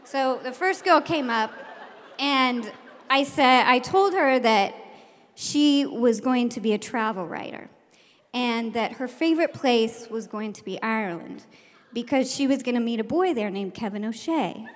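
A woman, a teacher, telling a personal story to an audience, acting out voices and shouting the quoted lines. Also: fairly high pitch, expressive, unhurried, long reverb tail.

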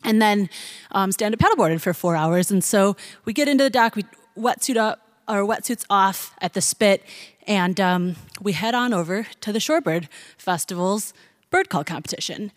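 A woman's voice: medium pitch, expressive, moderate pace. A woman telling a personal story in a chatty way, laughing often and using many fillers.

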